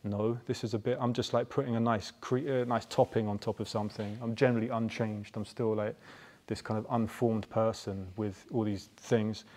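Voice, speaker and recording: Speaking at a moderate pace, this man in his forties has a lowish, darkish voice with fairly even intonation. A Buddhist practitioner, he rambles chattily through personal stories and keeps tagging points with a questioning "yeah?".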